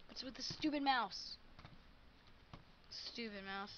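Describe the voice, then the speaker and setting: A woman's voice: on the high side, slow pace, a bit bright, dull audio, slight background noise. A woman recording live gameplay commentary at her computer, muttering frustrated complaints. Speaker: gamer recording a let's play.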